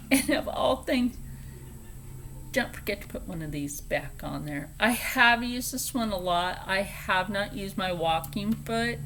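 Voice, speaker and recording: A woman hosting a casual step-by-step sewing tutorial, chatty and playful, dropping into soft whispered asides as she works at a home sewing table. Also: on the low side, slight background noise. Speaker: sewing channel host.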